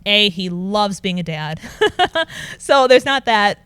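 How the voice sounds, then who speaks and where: A young adult woman, a news anchor, chatting as a guest and telling animated stories with frequent laughter. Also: mid-range voice, slow, clean tone, no echo. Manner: animated storyteller, laughs often. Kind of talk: casual interview chat.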